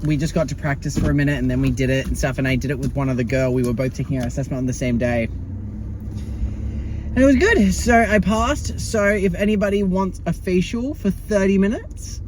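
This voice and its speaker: A man's voice: mid-range voice, fairly even intonation, fast, few pauses, background noise. A young man telling a dramatic, sassy video-diary story, swearing and swinging into exasperated outbursts. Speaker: vlogger.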